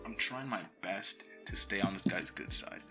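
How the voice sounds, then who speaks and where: A man's voice: deep voice, moderate pace, soft background music. Profane young man telling a story. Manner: profane, animated retelling that drops to murmurs and whispers. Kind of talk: casual story time. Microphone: phone.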